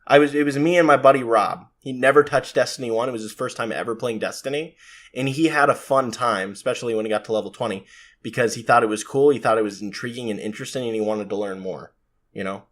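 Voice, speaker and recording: A man's voice: medium pitch, quick pace. A man co-hosting a podcast, talking at length and defending his view with enthusiasm in casual chat. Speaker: podcast co-host.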